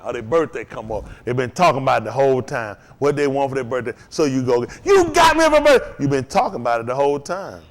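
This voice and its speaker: A man preaching to a congregation, calling out to them and rising to shouts. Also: medium pitch. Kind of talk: sermon.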